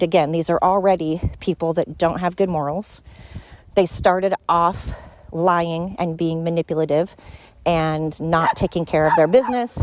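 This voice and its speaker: A woman's voice: lowish voice, darkish tone, no echo. A woman hosting a podcast, talking at home in a frank, rambling monologue as she vents. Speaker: podcast host. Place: at home with her dog.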